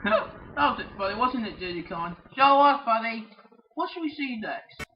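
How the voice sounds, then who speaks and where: A man performing toy characters in a playful fan video, shouting and giggling between voices. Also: very high voice, sing-song, normal speed, muffled recording, faint music behind. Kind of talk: playful toy-play acting.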